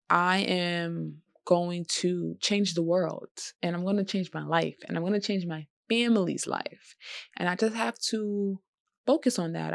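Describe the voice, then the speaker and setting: A tired woman talks to camera in a personal vlog, earnest and emotional, pleading at times. Her voice is lowish with vocal fry, and there is no room sound.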